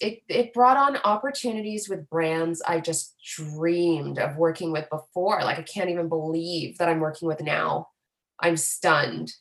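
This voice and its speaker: A young woman from Canada, an influencer speaking candidly and earnestly in an interview, animated, with plenty of fillers. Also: on the low side. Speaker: guest, influencer.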